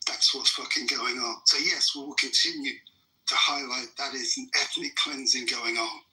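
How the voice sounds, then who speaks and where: A man's voice: mid-range voice, fairly even intonation, moderate pace, bright, forceful tone, low-quality recording. A man, ranting in fury and swearing hard during a heated live debate. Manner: furious, profane ranting. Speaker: debate participant.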